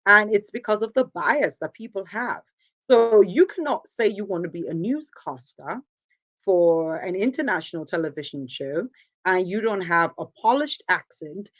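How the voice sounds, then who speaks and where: A woman's voice: medium pitch, no room sound. Nigerian woman giving a pep talk, earnest and emphatic, dry close sound. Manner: earnest, emphatic, repeats phrases for stress. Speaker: host. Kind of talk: motivational talk.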